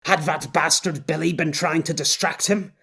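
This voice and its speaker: A male audiobook narrator with a husky, slightly breathy voice, sitting a touch above the usual male range. He reads in a measured, intense way. The narration is scripted and steady. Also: on the high side.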